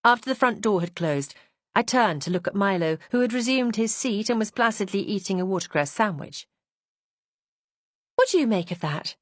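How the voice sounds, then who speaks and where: A woman's voice: medium pitch, expressive, fairly quick, a bit bright, no echo. A woman reading a mystery audiobook in poised, first-person narration.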